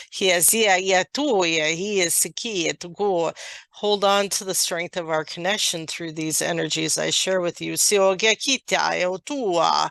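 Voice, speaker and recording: A woman in trance channeling a gentle, loving dragon spirit, speaking slowly and softly in solemn blessings. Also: lowish voice, gravelly, no echo, clean studio sound, full character voice. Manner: slow, soft, solemn blessing.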